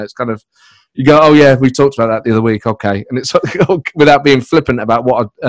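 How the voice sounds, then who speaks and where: A man's voice: mid-range voice, dry recording. Guy talking about his writing work from a spare room at home, rambly, starts and stops, super dry close mic. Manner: rambling, self-interrupting, with quick bursts of put-on voices. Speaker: comedy writer and voice performer. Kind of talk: casual interview chat. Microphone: microphone on a laptop.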